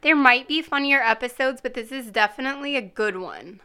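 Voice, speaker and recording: A podcast co-host with a high, bright voice speaks fairly quickly in a forceful yet smooth tone. Chatting casually while reviewing a TV episode, she quotes the characters using put-on voices.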